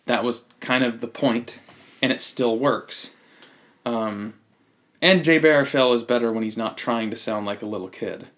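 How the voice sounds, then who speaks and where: A podcast host gives a blunt, opinionated movie review in casual chat, often restarting his sentences. His voice is medium-pitched and a bit bright, at normal speed.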